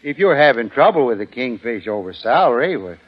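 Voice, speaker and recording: A man's voice: medium pitch, very animated, brisk, muffled recording. A man hosting 1940s radio comedy banter, folksy and drawling, who chuckles at his own jokes. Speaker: host.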